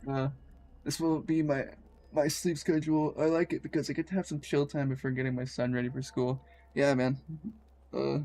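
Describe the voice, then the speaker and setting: A Canadian man with a mid-range, darkish voice chats casually while streaming a game. He sounds groggy, like he just woke up, and his talk is rambling, slangy and laid-back.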